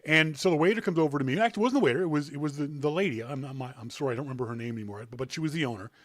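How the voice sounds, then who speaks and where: A man's voice: fairly high pitch, racing, no room sound. A Canadian man hosting a podcast, telling stories in a casual chat and laughing often. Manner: animated storyteller, laughs often. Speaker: podcast host.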